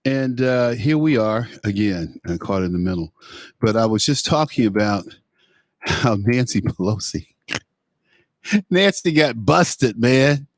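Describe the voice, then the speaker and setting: A man's voice: medium pitch, animated, a little slow, dry recording. Blunt, mocking male talk radio host. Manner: blunt, mocking, stumbles and repeats words.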